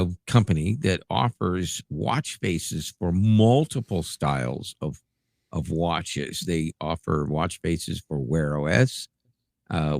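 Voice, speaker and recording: Deep, gravelly podcast host. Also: male voice, a little mellow, no room sound, studio quality. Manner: rambling, digressive. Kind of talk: casual chat.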